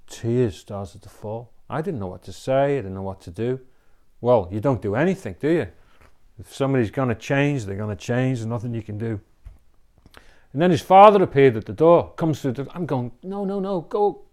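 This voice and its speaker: A man's voice: mid-range voice, lively intonation, normal speed, darkish tone. A man giving an inspirational talk, telling a personal story in an earnest, reflective way, often adding "you know" and "okay?". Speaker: inspirational speaker.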